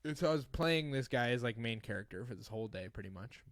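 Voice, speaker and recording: A man's voice: mid-range voice, fast, no room sound, clean studio sound. A young man co-hosting a podcast, telling a story in casual chat with many fillers and frequent swearing. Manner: animated storyteller, lots of fillers, swears freely. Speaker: podcast co-host.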